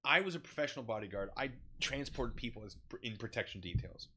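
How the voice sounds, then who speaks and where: A man telling a story in a casual, animated way, laughing and swearing as he goes. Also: mid-range voice, fast talker, a little hiss or hum.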